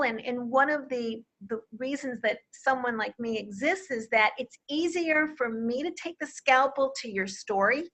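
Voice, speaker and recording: A woman with a high, bright voice, speaking as a communication coach in an interview. She leans hard on her key words and backs each point with quick examples. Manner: emphatic, quotes vivid examples. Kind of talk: interview conversation. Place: Akron, Ohio.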